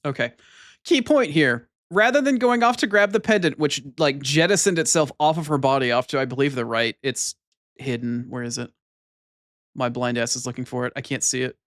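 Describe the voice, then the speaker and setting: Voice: mid-range voice, moderate pace, fairly bright tone, no room sound, clean studio sound. Swearing, rambling game streamer. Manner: rambling, profane and self-deprecating. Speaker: gaming streamer. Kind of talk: casual let's-play commentary. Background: game music.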